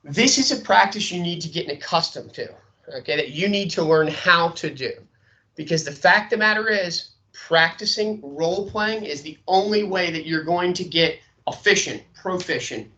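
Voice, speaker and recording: A man's voice: a little high, normal speed, sharp tone, low-quality recording. A man teaching a sales training lecture, checking in often with "okay?" and demonstrating inflections.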